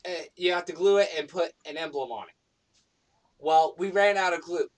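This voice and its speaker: A man on a round table panel telling a story in casual chat, animated and swearing freely. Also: on the high side, moderate pace, recorded from a distance. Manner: animated, profane, excitable.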